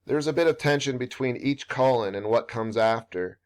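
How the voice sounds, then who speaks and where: Guy professor walking you through poetry, calm measured lecture voice, mid pitch. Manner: measured, explanatory, slows down for read-aloud examples. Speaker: professor leading a writing workshop. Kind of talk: scripted lecture narration.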